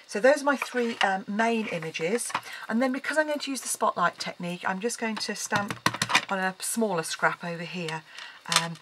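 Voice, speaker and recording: A woman explaining a card-making project in a casual tutorial, chatting as she works with frequent ums. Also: lowish voice. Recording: loud background noise.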